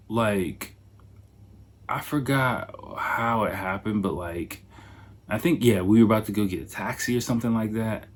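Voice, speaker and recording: A man hosting a podcast, telling a travel story in a loose, animated way, full of swearing and fillers. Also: lowish voice. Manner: animated, profane, filler-heavy retelling. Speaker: podcast host. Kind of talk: casual anecdote storytelling.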